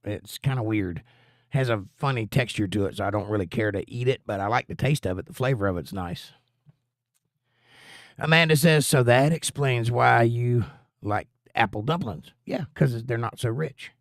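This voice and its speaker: A man chats casually on his livestream, rambling in a folksy way as he reads out viewer comments. His voice sits at a middle pitch. The sound is dry and close, with no room echo. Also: normal speed. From United States. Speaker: livestream host.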